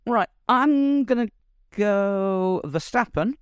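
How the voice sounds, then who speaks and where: Chatty podcast host, lively voice. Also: male voice, high voice, smooth, no echo. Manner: halting, with frequent ums and restarts. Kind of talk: casual chat.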